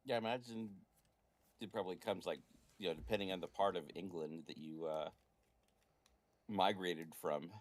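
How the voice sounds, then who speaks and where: A man's voice: low voice, moderate pace, pauses often. An American man, the game master, chatting casually out of character with his players in a wry, blunt way and swearing freely. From United States. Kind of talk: casual out-of-character table chat.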